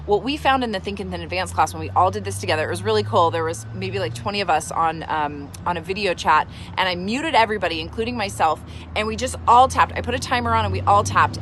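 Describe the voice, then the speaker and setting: A woman in her thirties talks straight to camera as a self-help coach, upbeat and chatty, and she fills her sentences with ums. Her voice sits at a middle pitch. Faint traffic noise hums in the background. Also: a bit bright. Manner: enthusiastic, chatty, many fillers. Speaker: tapping coach.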